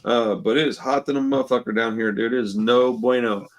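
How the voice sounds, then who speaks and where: A man's voice: medium pitch, fairly even intonation, a little fast. A man in his forties from Texas, hosting a podcast and telling rambling stories full of slang and swearing. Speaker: podcast host. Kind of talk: casual chat.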